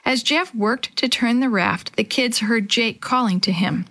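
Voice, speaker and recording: A woman narrating a children's adventure story aloud, voicing the kids' lines in a higher, lively pitch. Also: a little slow, few pauses. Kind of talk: children's audiobook reading with character voices.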